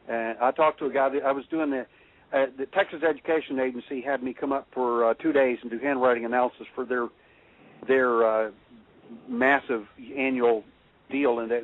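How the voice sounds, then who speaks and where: A man speaking as a guest through a thin, tinny phone line, his pitch sitting in an ordinary middle range. He tells rambling anecdotes, stumbling over fillers and restarts and chuckling between them. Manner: halting, many fillers and restarts, chuckles while telling stories. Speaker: guest expert on handwriting analysis.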